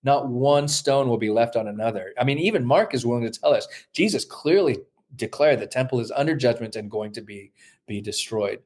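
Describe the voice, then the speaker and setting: Halting, thoughtful male scholar explaining. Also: mid-range voice, a little mellow. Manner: thoughtful, halting, many fillers and restarts. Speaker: New Testament scholar, guest. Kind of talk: explaining in an interview.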